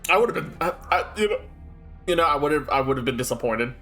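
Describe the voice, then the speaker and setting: Excitable rambling man streamer. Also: a little high, fairly quick, soft background music. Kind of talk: casual chat while playing.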